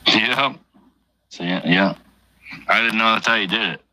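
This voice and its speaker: Solo livestreamer, rambling and crude, fairly low voice with a bright, cutting edge. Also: male voice, unhurried, low-quality recording. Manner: rambling, heavy swearing, offhand. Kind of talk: casual late-night livestream chat while drinking.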